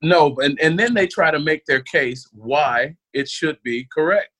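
A man's voice: fairly high pitch, lively intonation, measured pace, fairly bright tone, a little hiss or hum. A man with an American accent chatting casually and telling stories, often repeating words as he restarts. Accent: American English. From United States. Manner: rambling, repeats words, storytelling. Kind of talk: casual chat.

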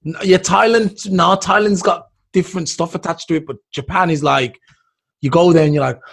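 Uomo inglese roco dalla voce alta. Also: male voice, a little high, steady tone, moderate pace, vocal fry, a bit bright. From England. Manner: playful, teasing. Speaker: podcast host. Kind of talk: casual chat.

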